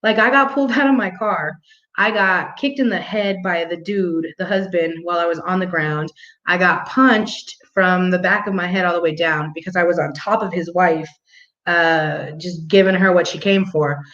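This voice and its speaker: A woman's voice: on the low side, moderate pace, a bit bright. A young adult woman telling a story in a casual monologue, blunt and profane, laughing now and then. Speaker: vlog host. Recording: roomy, muffled home recording.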